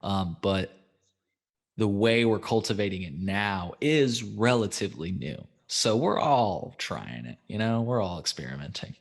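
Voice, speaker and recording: A man's voice: lowish voice, animated, a little slow, gravelly. A man hosting a podcast in casual chat, laid-back, swearing freely and filling with "um" and "like". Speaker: podcast host.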